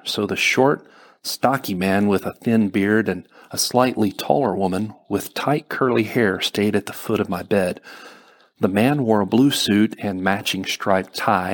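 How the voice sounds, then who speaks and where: Low, husky male audiobook narrator. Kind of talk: first-person audiobook narration.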